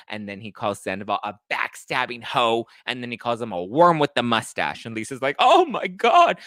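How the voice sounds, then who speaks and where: Young male host, bright, forceful voice, sassy animated recap, dry close sound. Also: on the low side, smooth, no room sound. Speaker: podcast host. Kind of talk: casual live recap chat.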